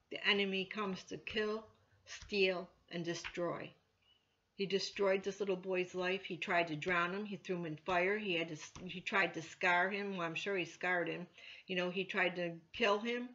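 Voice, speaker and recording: Bright-voiced woman teaching scripture. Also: medium pitch, lo-fi sound. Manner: conversational, many "you know" fillers, rises loudly when quoting scripture. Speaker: church elder teaching scripture. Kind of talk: informal Bible teaching.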